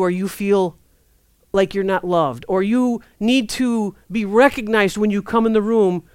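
A woman preaching a sermon in a conversational, lively way, acting out prayers and inner thoughts. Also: fairly high pitch, clean tone, dry recording, studio quality.

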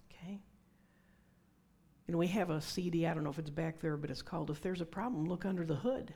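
A woman's voice: deep voice, fairly quick, dark tone, slightly rough. A middle-aged woman preaching a conversational sermon with personal testimony, dropping to whispers for emphasis.

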